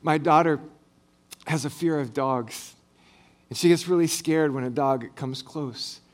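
Expressive preacher, a man with a higher voice. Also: measured pace. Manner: expressive preaching, swelling on big phrases and dropping low and soft at line ends; light humor between scripture readings. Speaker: pastor. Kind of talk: sermon.

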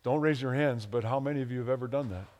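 A male pastor from the Chicago area preaching a sermon, animated and playful, acting out quotes and chuckling at his own asides. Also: fast. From Chicago area, USA. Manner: animated, acts out quotes with big pitch jumps.

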